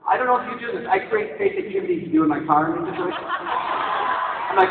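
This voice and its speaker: A male stand-up comedian doing a set on stage, telling animated stories and breaking into silly voices. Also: high voice, very fast. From Hawaii, raised in Minnesota. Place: stage in a large hall before a live audience. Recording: distant, phone-like echoey hall recording with loud noise.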